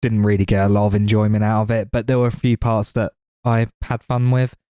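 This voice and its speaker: Low, flat-voiced man reviewing films. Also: smooth, no echo, clean studio sound. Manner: measured, hesitant, plain verdicts. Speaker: podcast co-host. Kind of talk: casual movie review chat.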